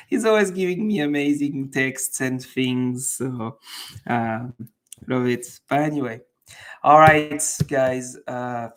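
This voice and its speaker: Slow-talking man chatting on a live stream. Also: medium pitch, a bit bright. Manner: chatty, laughs often, many fillers. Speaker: YouTuber hosting a live stream. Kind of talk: casual live-stream chat reading comments.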